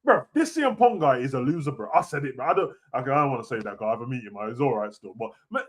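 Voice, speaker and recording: A young man rants casually about wrestling, full of slang and swearing, swinging between low mutters and loud outbursts. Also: lively intonation, quick pace. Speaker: wrestling reaction host. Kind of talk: casual rant.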